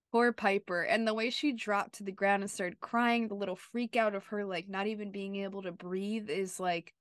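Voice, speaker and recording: A woman co-hosting a podcast, talking in an easy, emphatic way and peppering her sentences with filler words. Her voice sits in a middle pitch, and the recording is dry, with no room sound. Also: dry recording. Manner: chatty and emphatic, lots of "like" and "you know". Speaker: podcast co-host. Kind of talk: casual chat.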